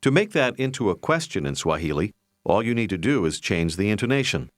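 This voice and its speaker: Measured male language-course narrator, lowish voice. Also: big pitch swings, no echo, studio quality. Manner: clear, measured teacherly prompting. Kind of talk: scripted language-lesson instruction.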